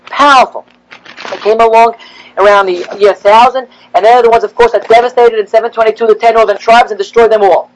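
A man, a rabbi, giving a classroom lecture, animated and rising in pitch as he acts out the prophets' complaints. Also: a little fast, low-quality recording.

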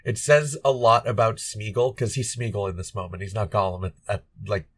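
A man's voice: fairly low pitch, steady tone, fairly quick, a bit bright. A man co-hosting a podcast, chatting casually and rambling with many fillers and laughs. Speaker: podcast co-host. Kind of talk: casual chat.

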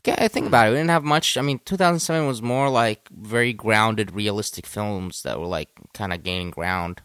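Animated, swearing man co-hosting a podcast. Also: fairly low pitch, brisk, clean tone, no room sound. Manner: animated, swears freely, reads tweets aloud. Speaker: podcast co-host. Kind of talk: casual film review chat.

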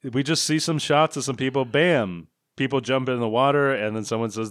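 A man's voice: mid-range voice, normal speed, few pauses, a bit bright, dry recording, clean studio sound. A man co-hosting a comedy podcast, recapping a film in a sarcastic, profane, mocking way.

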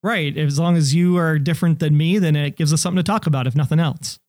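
A man's voice: a little high, fast talker, a little mellow, no room sound, studio quality. A man co-hosting a podcast in casual chat. He is talkative and laughs easily. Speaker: podcast co-host.

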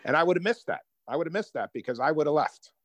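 A man telling personal stories as a guest in an interview, lively and conversational. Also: fairly high pitch, fast, no echo. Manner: animated storyteller, acts out quoted voices. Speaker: author and guest. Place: Hoboken.

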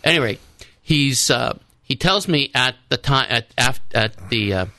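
A man's voice: mid-range voice, animated, a little slow, bright, forceful tone, no echo. A man, a priest and guest on a radio talk show, telling rambling stories in a casual discussion with many restarts. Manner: rambling storyteller, restarts often. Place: radio studio.

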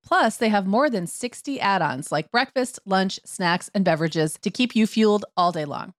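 A woman's voice: mid-range voice, expressive, normal speed, dry recording, studio quality. Woman podcast co-host reading ads. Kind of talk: casual podcast chat with read ads.

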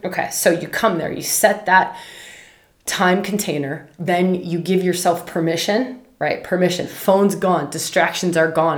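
A middle-aged woman hosting a podcast, teaching meditation in a chatty, animated way and laughing often. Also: fairly low pitch, creaky. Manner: animated, chatty, laughs often, scolds her puppy mid-talk. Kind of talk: casual spoken teaching. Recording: echoey room.

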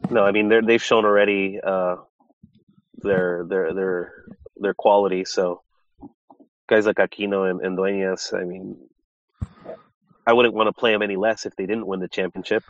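A man with a low, stuffy voice from a cold chats loosely on a podcast, a little nasal and often restarting his sentences. He sounds relaxed and jokey. The sound is dry and dull, like a lo-fi home recording. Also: normal speed, pauses often, no echo. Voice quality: slightly nasal. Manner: relaxed, joking, many restarts. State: recovering from a cold, congested. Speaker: podcast co-host. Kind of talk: casual chat.

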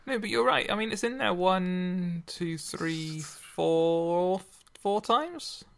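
A man hosting a podcast, talking over a poem in a thoughtful, halting way, with frequent restarts. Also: sits high, expressive, vocal fry. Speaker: podcast host. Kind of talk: casual discussion.

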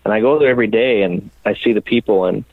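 Interviewed about his life, a Minneapolis-area custom bike builder talks fast in a fairly low voice, telling casual, profane, self-deprecating stories. The audio is dry and phone-like, with no echo.

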